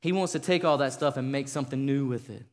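A man's voice: medium pitch, fast. Fervent male preacher in a reverberant hall. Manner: builds to fervent shouting, leads congregation in call and response. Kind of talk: sermon. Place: church sanctuary. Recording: long reverb of a large hall.

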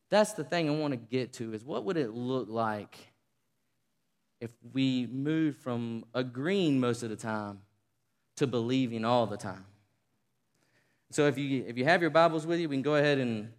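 A man preaching a sermon, telling a story in an animated, conversational way. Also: mid-range voice, smooth, in a large hall. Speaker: pastor.

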